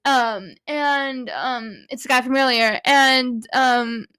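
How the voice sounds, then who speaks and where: A woman's voice: high voice, takes it slowly, pushed and bright, clean tone, no echo. A young woman vlogger casually recapping a movie with many fillers, giggling and gushing like a fan. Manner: rambling, filler-heavy, giggly; gushing, fannish.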